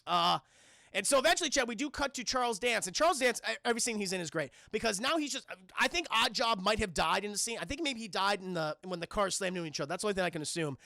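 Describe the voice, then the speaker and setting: A man's voice: high voice, fast talker, creaky, no room sound, clean studio sound. A man casually recapping a film scene by scene for his stream chat, rambling and profane. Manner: animated, profane, rambling storytelling.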